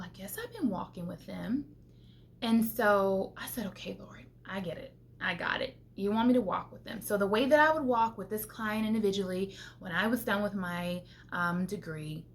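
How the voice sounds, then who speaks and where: A woman's voice: mid-range voice, a little hiss or hum. A woman vlogger who makes homemaking videos, talking casually to her viewers as she tells a faith-filled story, acting out what she and others said and laughing often. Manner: animated, quoting herself and others, laughing often.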